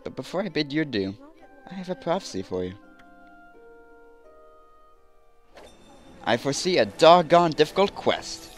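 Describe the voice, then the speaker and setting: A man's voice: fairly high pitch, very animated, a little fast, soft background music, voice pushed up. Man voicing a flamboyant prophet swordsman, theatrical, French flourishes. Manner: theatrical, sprinkles French phrases. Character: flamboyant young male swordsman prophet, smug.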